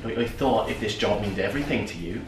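A man's voice: lowish voice, animated, fast talker, voice pushed down, natural voice. A man playing a stern farm boss who is turning down a late job applicant, talking in an unimpressed drawl. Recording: echoey room, distant mic, music.

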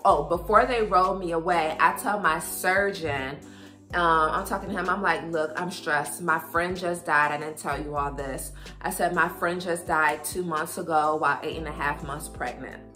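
A woman telling a personal story to her viewers in a chatty, expressive way. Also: fairly low pitch. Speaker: vlogger. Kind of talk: casual storytelling to camera.

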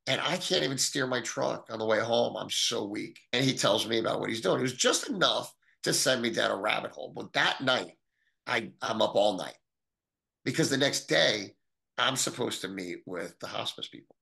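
Gravelly, bright-toned man telling his story. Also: moderate pace. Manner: animated, acts out quoted voices with big pitch jumps. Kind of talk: storytelling in an interview.

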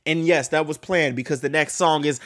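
A man reacting to an album on his video channel, talking to viewers in an excitable, stammering way, swearing freely and laughing often. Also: a little high, brisk. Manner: talks to viewers while reacting to songs. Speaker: music reaction YouTuber. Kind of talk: casual album reaction vlog.

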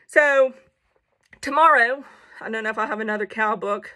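A woman's voice: a little high, moderate pace, sharp tone. A young woman reading a children's picture book aloud at home, playful, with chatty asides to her viewers. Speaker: storybook reader for children.

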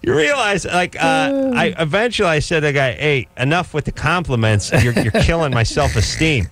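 A male radio host with a lively, swooping voice. He tells stories in a sarcastic, animated way and needles his co-host and callers in loose, casual banter. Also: on the high side, moderate pace.

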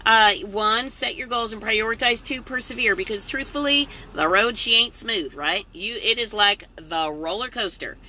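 A woman's voice: on the high side, normal speed, few pauses, pushed and bright, a little hiss or hum. A middle-aged woman hosting a casual live-stream from her parked truck, chatty and motivational. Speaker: vlog host. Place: parked truck at a rest area.

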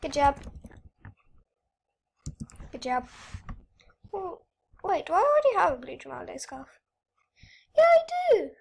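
A teenage girl chatting excitedly while she plays an online game and thanks her subscribers. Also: high-pitched, slow, vocal fry, pauses often. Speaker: YouTuber. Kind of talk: casual gaming vlog commentary.

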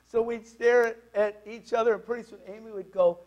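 A man preaching a sermon as a pastor, telling a personal story in an animated, conversational way. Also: high voice, normal speed, few pauses, low-quality recording.

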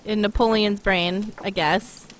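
A woman's voice: mid-range voice, fairly even intonation, unhurried, a little hiss or hum. A woman casually commentating a video game she plays, rambling and self-deprecating. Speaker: gaming streamer. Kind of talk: let's play commentary.

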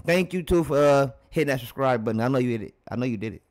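A man's voice: mid-range voice, quick pace, heavy background noise. A man hosting a casual reaction video, commenting on old basketball footage, laughing often and talking straight to his viewers.

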